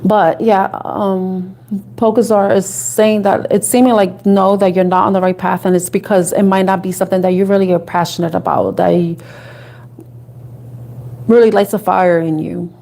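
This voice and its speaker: A woman from the Bronx with a New York accent, chatting and thinking out loud as she gives a live tarot reading to viewers. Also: mid-range voice, little pitch movement, moderate pace, gravelly. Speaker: tarot reader.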